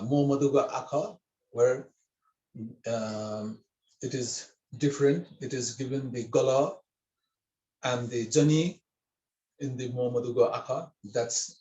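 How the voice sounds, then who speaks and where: A man's voice: medium pitch, a little mellow, reverberant, poor audio. A man teaching a script class online, patiently spelling out syllables with hesitant fillers.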